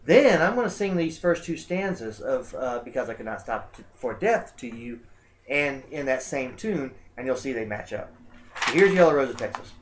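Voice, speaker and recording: Relaxed man giving a literature lecture. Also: medium pitch, normal speed, slight background noise. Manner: relaxed, conversational, frequent "uh" fillers. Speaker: college English instructor. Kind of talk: recorded lecture.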